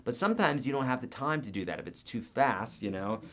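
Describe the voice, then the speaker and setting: A man's voice: mid-range voice, animated, fairly quick, fairly bright tone. A man hosting a live guitar Q&A, chatting casually, reading viewer comments aloud and counting out beats and picking patterns.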